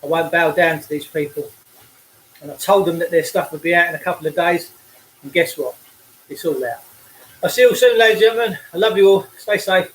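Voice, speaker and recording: A man's voice: on the high side, steady tone, brisk, slight background noise, poor audio. An out-of-breath Englishman, delivering a blunt, preachy livestream rant while cycling outdoors, speaking into a phone.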